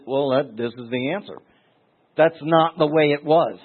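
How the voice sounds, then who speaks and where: A man's voice: fairly high pitch, moderate pace, husky. A man teaching verse by verse through a Bible passage, emphatic, repeating words and acting out the voices he quotes. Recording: tinny phone-like recording.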